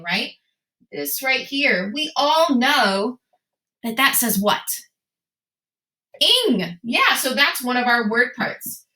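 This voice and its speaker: A woman's voice: on the high side, sharp tone. Encouraging woman teaching phonics to children. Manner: encouraging, sing-song, asks questions and answers them. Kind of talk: recorded phonics lesson for young children. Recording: echoey room.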